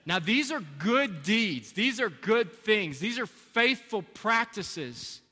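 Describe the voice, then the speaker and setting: In a church sanctuary whose long hall reverb rings around him, a pastor delivers a sermon in a bright, somewhat high voice. He takes it slowly and earnestly, with big pitch swings, repeating key phrases to drive them home.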